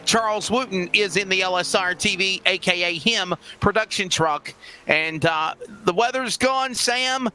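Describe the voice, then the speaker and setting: A man doing play-by-play commentary for a sim racing broadcast, upbeat with scripted announcer patter and quick asides. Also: high voice, bright, forceful tone, faint music behind.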